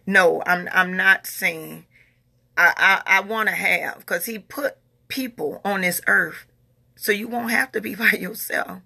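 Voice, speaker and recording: A woman's voice: on the low side, fairly even intonation, a little slow, vocal fry, pushed and bright. A woman in her forties talking casually and emphatically, repeating herself as she answers viewer comments. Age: 40s. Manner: emphatic, repeats phrases, Southern American informal grammar. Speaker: vlogger reading viewer comments. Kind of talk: casual opinionated talk.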